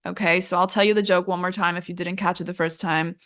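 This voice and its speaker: A woman's voice: fairly low pitch, little pitch movement, fast talker, fairly bright tone. A young woman teaching an English lesson in a casual, chatty way, laughing at herself and using lots of fillers.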